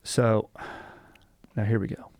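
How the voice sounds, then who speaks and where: Young man, podcast co-host, lowish voice, jokey, rambling, dry recording. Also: flat delivery, slow pace, darkish tone, no echo. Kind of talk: casual chat.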